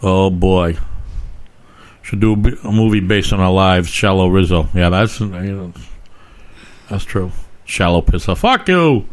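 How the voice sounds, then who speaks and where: A man's voice: low voice, level tone, a little slow, long pauses. A man from near Boston with a Boston accent, co-hosting a podcast in blunt, crude casual banter. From near Boston, Massachusetts. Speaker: podcast co-host.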